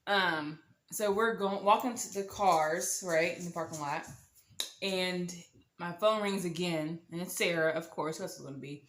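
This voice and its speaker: A woman's voice: lowish voice, normal speed, fairly bright tone, echoey room. A young woman telling a dating storytime in a sassy, dramatic way, full of slang and mock-shocked asides. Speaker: storytime vlogger. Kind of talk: animated storytime monologue.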